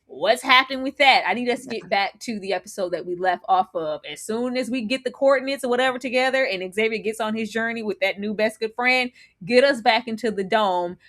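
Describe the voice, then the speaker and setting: A woman co-hosting a casual live TV recap, animated and laughing often as she acts out her reactions. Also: fairly high pitch, a little fast, hardly any pauses. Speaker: co-host.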